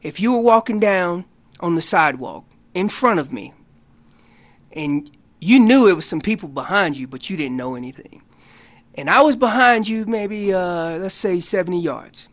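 A man guest on a radio show explaining hunting calls in a casual, animated way, acting out what the animals are saying. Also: sits high, normal speed. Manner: loose casual grammar. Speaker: elk calling champion guest. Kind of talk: instructional radio interview.

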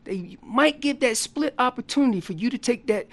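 A man's voice: very high voice, normal speed, creaky. Folksy man explaining elk calls. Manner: folksy, animated, acts out what elk are saying. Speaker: elk calling guest expert. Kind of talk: casual radio interview explanation. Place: radio studio.

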